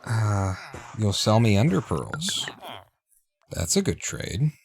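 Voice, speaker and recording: Low-voiced man streaming a game. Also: slow pace, creaky. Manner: relaxed, muttering to himself. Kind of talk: casual gameplay commentary. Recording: noisy home recording.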